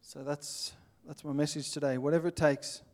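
A man's voice: on the high side, little pitch movement, moderate pace, a little mellow. An Australian man giving an earnest, plainspoken sermon, with little acted-out scenes. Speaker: pastor.

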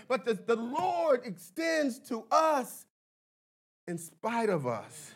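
A man in his fifties preaching a sermon, building to emphatic shouted bursts and dropping into playful asides. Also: extremely high pitch, big pitch swings, slow pace. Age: 50s. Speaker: pastor.

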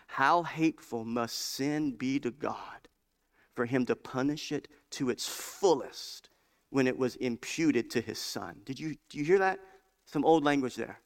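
A male preacher delivering a sermon in a mid-pitched voice. He tells stories and builds into fervent, emphatic preaching. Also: measured pace.

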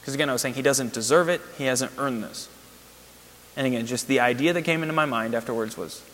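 A man giving a parish talk on prayer, telling candid stories with lively quoted asides and laughs. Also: medium pitch, fast, a little hiss or hum. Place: church or parish hall. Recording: long hall reverb.

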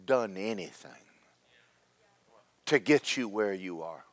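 A man's voice: mid-range voice, animated, measured pace, no room sound. A man preaching a sermon, telling Bible stories in a folksy, joking way with voices for the characters. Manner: folksy storytelling with comic voices.

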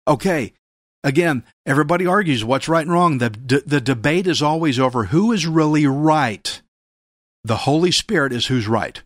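A male pastor preaching a radio sermon, earnest and emphatic, slowing down to read scripture. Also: mid-range voice, no echo, studio quality.

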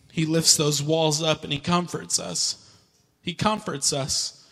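A man's voice: fairly high pitch, flat delivery, takes it slowly, gravelly, bright, forceful tone, big-room sound. A male pastor preaching an impassioned sermon in a church, repeating phrases and swelling to fervent cries. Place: church sanctuary during a morning service.

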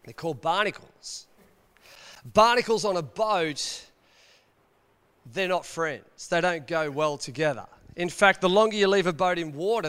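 A man's voice: high-pitched, moderate pace, a bit bright, clear, resonant tone. An Australian man, a pastor, preaching a conversational sermon in church, telling stories and asking the congregation rhetorical questions. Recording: long reverb of a church hall.

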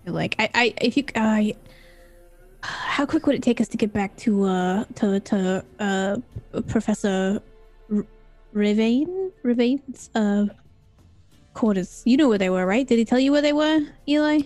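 A woman's voice: a little high, lively intonation, unhurried, darkish tone, soft background music. A woman playing a tabletop game, talking in a chatty, rambling way. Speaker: player. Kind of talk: tabletop role-play chat.

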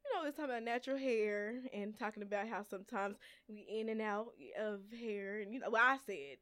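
A woman's voice: medium pitch, fairly even intonation, brisk, fairly bright tone, clean tone, dry recording. A woman hosting a podcast, telling a story from work in casual chat, laughing and exclaiming often. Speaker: podcast host.

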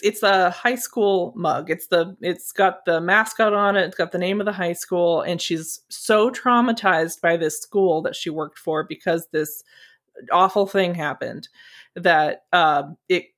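A woman's voice: on the low side, unhurried, a bit bright. Chatty, laughing woman podcast co-host. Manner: chatty, laughing, sweary retelling. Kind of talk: casual movie chat.

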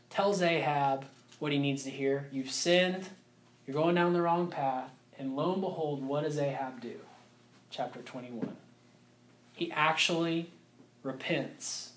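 A man preaching a sermon in a conversational way, often asking "right?" and dropping to a quiet, close voice for intimate points. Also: medium pitch, reverberant, a little hiss or hum.

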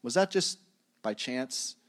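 A man's voice: medium pitch, animated, slow. Conversational pastor, a man preaching. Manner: conversational and self-deprecating, chuckles at his own tangents. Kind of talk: sermon.

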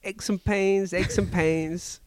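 A gruff, mumbling antihero, as a man puts him on for a comic bit, speaks with a strange sing-song lilt. The voice sits a bit high and comes through smooth and clean. The room sound is dry. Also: steady tone, slow pace, no echo. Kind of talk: comic impression.

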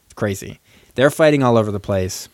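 A man's voice: on the low side, fairly quick, a little mellow, no room sound, clean studio sound. A man co-hosting a podcast who recaps a film in casual chat, laid-back and rambling. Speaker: podcast co-host.

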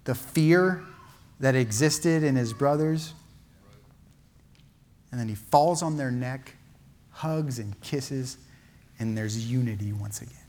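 A male pastor preaching a sermon with feeling, swinging from loud emphatic peaks to hushed, quiet lines. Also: mid-range voice, takes it slowly, pauses often, a little hiss or hum.

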